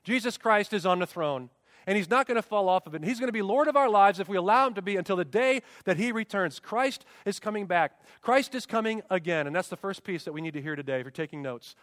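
A man with a high-pitched voice preaches a sermon. He is emphatic, throws out rhetorical questions and leans on repeated refrains. His voice carries a long reverb from a large church hall. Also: expressive, quick pace, a bit bright, clean studio sound. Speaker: pastor.

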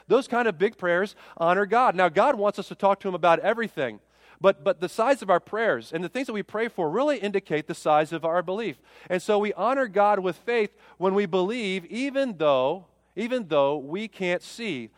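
A man's voice: on the high side, dry recording, clean studio sound, big-room sound. A middle-aged man preaching a sermon as pastor, with impassioned rhetorical questions that rise and fall.

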